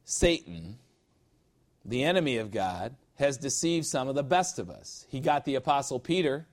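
A man teaching a sermon-style Bible lesson, reading scripture slowly and adding emphatic, jokey asides. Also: mid-range voice, lively intonation.

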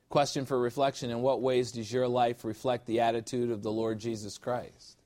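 A man teaching a sermon-style Bible lesson, reading scripture slowly and adding emphatic, jokey asides. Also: medium pitch, flat delivery, darkish tone.

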